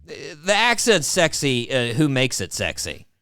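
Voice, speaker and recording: Sarcastic lively male podcast host. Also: medium pitch, unhurried, no room sound, soft background music. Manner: wry, sarcastic, keeps addressing his co-host. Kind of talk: casual chat.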